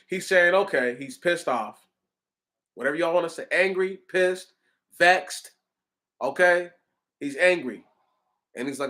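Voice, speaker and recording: A man's voice: mid-range voice, measured pace, pauses often, fairly bright tone. A man reading the Bible aloud and explaining it in an earnest, candid, conversational way. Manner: once stuttered. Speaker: preacher.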